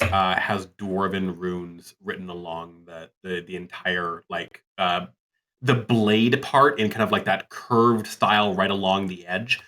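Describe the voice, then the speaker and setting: Low-voiced man running a tabletop game. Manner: relaxed, rambling with fillers. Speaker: game master. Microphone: online call.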